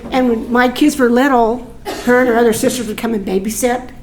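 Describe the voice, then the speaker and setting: Lady telling funny family stories at a memorial, slightly high voice, mic in a room. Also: steady tone, brisk, a little hiss or hum. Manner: warm, humorous storytelling with laughter. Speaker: aunt giving a eulogy. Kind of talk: storytelling at a memorial. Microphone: handheld microphone.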